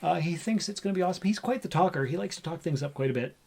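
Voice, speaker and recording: Chatty man host with a higher voice. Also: lively intonation, racing, vocal fry, darkish tone. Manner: chatty, reads headlines then riffs on them. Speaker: podcast host. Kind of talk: casual chat reading news.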